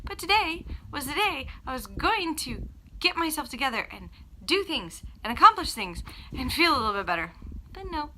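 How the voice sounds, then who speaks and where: A woman with children chatting casually to camera in a vlog, telling a story with lively acted-out quotes. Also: high voice, moderate pace, slight background noise, rough recording. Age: adult with children. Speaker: vlogger.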